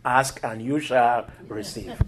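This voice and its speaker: A man preaching a sermon, telling scripture stories with lively acted-out quotes and occasional laughter. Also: mid-range voice, slow, noisy background. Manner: animated storytelling, acting out quoted voices and laughing.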